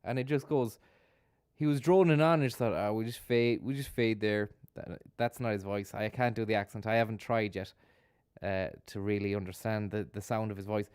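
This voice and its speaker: A man's voice: on the low side, brisk, a little mellow, clean tone, no echo, studio quality. A man hosting a live stream, giving sardonic, rambling commentary on a video and swearing freely as he goes. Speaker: streamer host.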